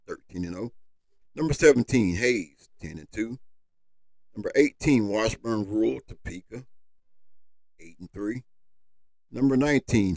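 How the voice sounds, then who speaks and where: A man's voice: mid-range voice, vocal fry, a little mellow, no echo, poor audio. A man hosting a solo sports podcast, reading a rankings list with lifting emphasis and loose colloquial asides to listeners. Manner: reads list with rising emphasis, casual asides. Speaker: podcast host.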